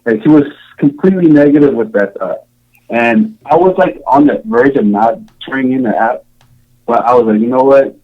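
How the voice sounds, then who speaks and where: Podcast guest, man from Samoa, mid-pitched, rambling storyteller, slightly muffled recording. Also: moderate pace. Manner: rambling, many fillers and restarts, frequent laughs. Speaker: podcast guest, show contestant. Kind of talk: casual storytelling interview.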